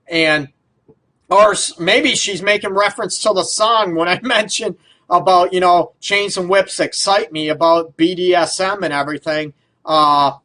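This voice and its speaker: A male radio host riffs casually into a studio mic, his voice sitting a little on the high side. He rambles through loose questions, padding them with fillers and breaking into chuckles. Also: sharp tone. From Detroit area. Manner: rambling, full of fillers, laughs often. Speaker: radio show host, relationship counselor.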